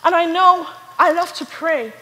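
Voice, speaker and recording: A young adult woman preaching a sermon, building from storytelling to fervent, shouted praise. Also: very high voice, measured pace, long reverb tail, low-quality recording.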